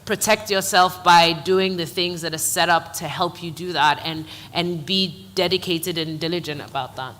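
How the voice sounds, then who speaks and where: A woman speaking on a conference panel, giving earnest, steady advice to designers. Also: lowish voice, moderate pace, hardly any pauses, in a large hall. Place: conference hall.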